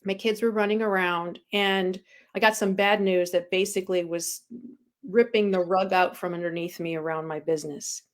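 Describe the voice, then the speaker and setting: A woman's voice: lowish voice, steady tone, normal speed. A woman guest, a spiritual coach, telling her own story frankly and with self-deprecating humor, with frequent ums. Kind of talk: candid personal storytelling.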